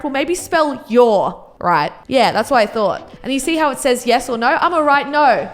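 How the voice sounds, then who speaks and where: High-voiced sassy woman vlogger. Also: moderate pace, hardly any pauses. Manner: sassy, animated, exclaiming. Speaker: YouTuber reacting to photos. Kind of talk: casual reaction vlog.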